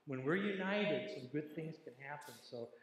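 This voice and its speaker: A man's voice: on the high side, animated, normal speed. A man giving casual church announcements in a folksy, joking manner from the front of a large sanctuary, with plenty of ums and uhs. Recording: very echoey church hall, faint noise.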